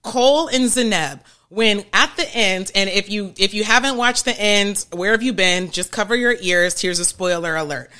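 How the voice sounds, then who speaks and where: A woman hosting a podcast, explaining ideas in a chatty, animated way and often checking in with her listeners. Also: mid-range voice, normal speed, few pauses. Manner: chatty, keeps checking in with "okay?" and "right?"; animated, laughs between points. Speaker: podcast host. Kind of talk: casual explanatory podcast talk.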